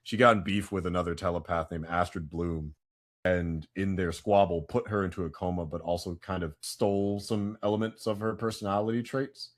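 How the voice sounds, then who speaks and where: Excitable man on a podcast. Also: low voice, moderate pace. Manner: excitable, swings into loud hype bursts. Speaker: podcast co-host. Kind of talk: casual pop-culture chat.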